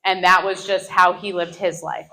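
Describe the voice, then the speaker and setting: A woman telling a self-mocking personal story live on stage into a microphone, animated and often laughing through her lines. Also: on the low side, normal speed, rough recording. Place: live stage before an audience.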